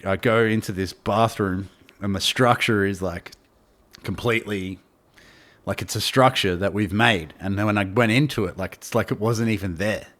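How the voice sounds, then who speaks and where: A man tells a long, rambling story as a podcast guest. His voice sits low, and he peppers it with slang, swearing and quick laughs. The talk is casual and meandering. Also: a bit bright.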